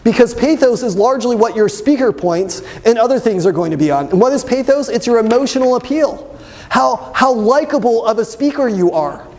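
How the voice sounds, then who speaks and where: Man, high voice, young adult, debate teacher, lively lecture, questions to students. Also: a little fast. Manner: animated, asks the class questions. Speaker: debate instructor. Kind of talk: classroom lecture.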